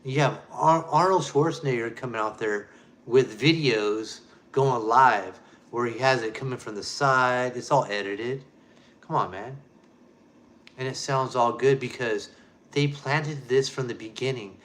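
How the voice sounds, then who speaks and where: A show host delivers a heated, emphatic ranting monologue, speaking straight to his listeners and repeating key phrases. His medium-pitched voice is a bit bright, and there's a little hiss or hum.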